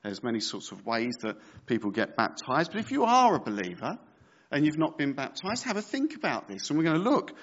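A man's voice: fairly high pitch, wildly swooping pitch, a little fast, fairly bright tone, lo-fi sound. A man preaching a sermon as pastor, reading scripture with conversational, joking asides.

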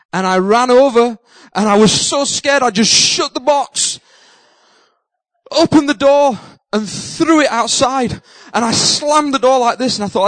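Middle-aged male preacher, high voice, animated storyteller who mocks himself. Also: no echo, rough recording. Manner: animated, self-mocking storyteller who acts out his own panic. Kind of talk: sermon storytelling.

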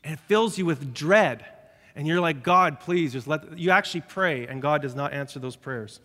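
A man in his thirties preaching a sermon, lively and conversational with self-deprecating humor. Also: a little high, normal speed, big-room sound. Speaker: pastor.

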